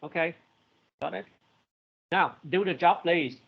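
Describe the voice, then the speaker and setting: Male teacher, slightly high voice, halting with fillers, muffled lo-fi call audio. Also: slightly rough. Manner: halting, many fillers and restarts. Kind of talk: online programming class lecture. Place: remote video call.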